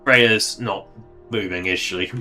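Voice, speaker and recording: A man's voice: lowish voice, steady tone, slow, bright, forceful tone, soft background music. A man casually commenting on a game he plays on a livestream, wry and chatty, laughing at his own jokes.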